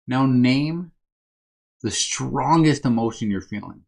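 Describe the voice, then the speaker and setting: A man delivering a motivational self-help talk as a wellness coach, in a conversational manner at an average pitch. He keeps checking in with his listeners and calls them "my friends". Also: animated, unhurried, pauses often. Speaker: first responder wellness coach.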